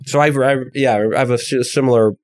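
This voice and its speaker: An American man trading loose, rambling banter on a podcast. His voice sits at an ordinary middle pitch, and the sound is close and dry, with no room around it. He swears casually and pokes fun at himself. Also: steady tone, brisk, no room sound. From United States. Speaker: podcast co-host. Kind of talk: casual comedic chat.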